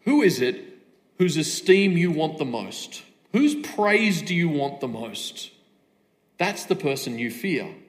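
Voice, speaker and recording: A man delivers a sermon with a slightly raised pitch. He presses his points through repeated rhetorical questions and firm stress, addressing the congregation directly. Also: very animated, takes it slowly. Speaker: preacher.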